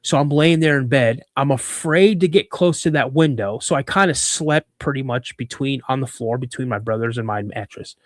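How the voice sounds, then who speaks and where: Animated storyteller man in his fifties. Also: medium pitch, normal speed, hardly any pauses, no room sound. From Washington State. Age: 50s. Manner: animated storyteller who acts out quoted dialogue; repeats and restarts words mid-sentence. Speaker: guest, cryptid researcher. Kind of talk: personal story told in conversation.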